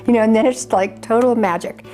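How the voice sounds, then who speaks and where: A woman's voice: on the high side, fairly quick, warm tone, faint music behind. An older woman, a charity founder, telling her story in an earnest, rambling way with frequent restarts. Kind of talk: personal storytelling interview.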